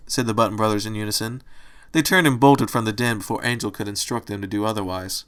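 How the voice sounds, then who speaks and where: A man reading a fan fiction story aloud in a steady storytelling manner. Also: lowish voice, fast, clean tone. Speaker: storybook reader.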